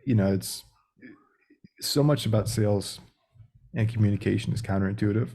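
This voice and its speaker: A man's voice: on the low side, moderate pace, gravelly, warm tone. A man speaking as a guest on a podcast interview, blunt and direct in a casual way. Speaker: sales coach guest.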